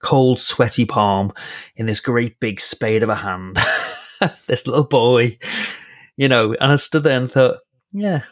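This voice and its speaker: A man from England co-hosting a podcast, telling stories in an animated, laughing way that jumps from thought to thought. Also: mid-range voice, a little slow, no echo. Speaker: podcast co-host. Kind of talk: casual podcast chat, storytelling.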